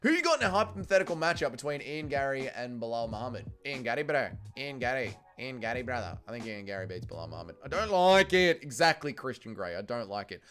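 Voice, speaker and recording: A man's voice: medium pitch, sing-song, fast, hardly any pauses, fairly bright tone. A young Australian man hosting a livestream, chatting casually and reading chat messages in a rowdy, profane way. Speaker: livestream host. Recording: faint music behind.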